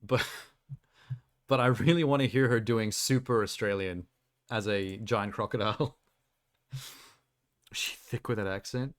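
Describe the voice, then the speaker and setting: Male streamer, slightly low voice, loose rambling chat reacting to trailers with easy laughs. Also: fairly even intonation, measured pace, long pauses, smooth. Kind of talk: casual live-stream chat. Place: home streaming setup.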